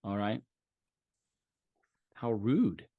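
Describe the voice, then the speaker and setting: A man's voice: on the low side, lively intonation, drawn-out words, slightly rough, no echo, narrow, tinny audio. A man running a tabletop role-play session as game master, narrating in a loose, easygoing way with plenty of fillers.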